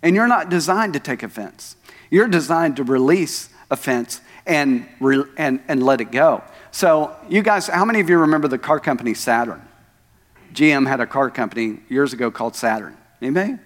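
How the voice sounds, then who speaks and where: Speaking at a moderate pace in a mid-range voice with lively intonation, a male pastor preaches in a church sanctuary. He chats with the congregation through asides, and the echoey hall colors the recording.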